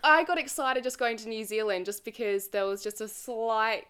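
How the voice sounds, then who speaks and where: A woman's voice: a little high, fairly even intonation, normal speed, fairly bright tone, smooth. Cheeky Australian woman. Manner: cheeky, teasing, laughs easily. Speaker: podcast host. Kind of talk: casual chat.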